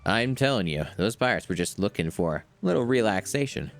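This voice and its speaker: A man voicing a relaxed, chatty male café patron from a video game in a leisurely, satisfied tone. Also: fairly low pitch, brisk, creaky. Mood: content.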